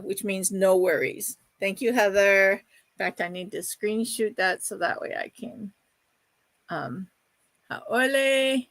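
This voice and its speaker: A woman's voice: mid-range voice, dry recording. A middle-aged woman hosting a casual livestream, chatting and reading viewer comments aloud in a gushing, affectionate way. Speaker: livestream host.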